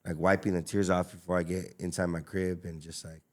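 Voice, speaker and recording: A man's voice: low voice, little pitch movement, brisk. A man, telling his story as a podcast guest in an emphatic, slangy way. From Los Angeles, USA. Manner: emphatic and slangy, with many fillers and repeats. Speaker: podcast guest, taco business owner. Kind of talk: casual storytelling.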